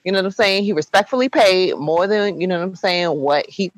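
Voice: medium pitch, fairly quick, no room sound, low-quality recording. A co-host in a casual chat, arguing opinions and often saying "you know what I'm saying".

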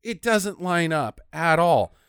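A woman's voice: lowish voice, big pitch swings, slow pace, smooth, no room sound, clean studio sound. A woman co-hosting a podcast, riffing on a movie in a casual, profane, jokey way. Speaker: podcast co-host.

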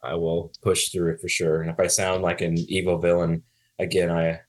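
Low-voiced man, stuffy with allergies. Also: monotone, moderate pace. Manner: subdued, low-key. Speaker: podcast guest.

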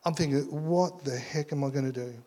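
A man's voice: medium pitch, brisk, dark tone. A man preaching in church as a pastor, telling a story with lots of stammers and restarts. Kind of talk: sermon.

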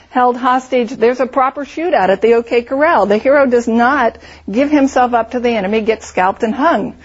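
A woman's voice: fairly high pitch, a little mellow, slightly rough, highs cut off. A woman teaching a Bible study, explaining the text through vivid storytelling and imagined scenarios.

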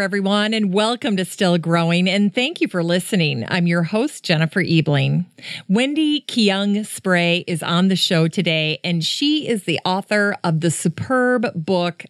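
A cheerful woman hosts her podcast. Her voice sits a little low, and she laughs easily at her own slips. The close mic leaves the sound dry, with no room behind her. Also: lively intonation, a little slow, no room sound. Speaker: podcast host. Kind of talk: podcast outro and blooper reel.

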